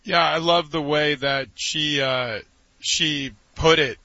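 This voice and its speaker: A man's voice: fairly high pitch, steady tone, takes it slowly, sharp tone, dry recording. A man co-hosting a sports talk show, commenting earnestly. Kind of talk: casual sports chat. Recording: dull lo-fi dry sound.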